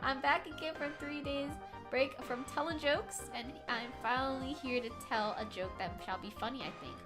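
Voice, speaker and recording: A woman streamer chatting casually with her viewers from a room at home while doing crafts, animated and swearing freely as she reacts loudly to chat. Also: high-pitched, moderate pace, over music.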